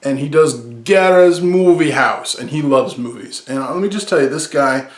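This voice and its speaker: A man's voice: mid-range voice, expressive, moderate pace. Upbeat man, echoey room. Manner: rambling, upbeat, corrects himself mid-sentence. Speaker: movie podcast host. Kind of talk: casual solo chat.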